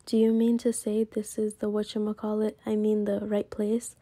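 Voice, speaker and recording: A woman's voice: mid-range voice, completely flat delivery, normal speed, background noise, lightly acted. A woman voicing a timid, flustered male mouse hero in a storybook reading. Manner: bewildered, protesting.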